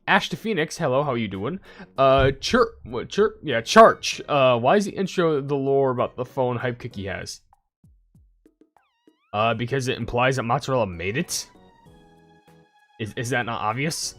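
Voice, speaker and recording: A man's voice: mid-range voice, a bit bright. A young man casually chatting on a livestream, rambling and greeting viewers in chat one by one. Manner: rambling, quick asides, greets chat by name.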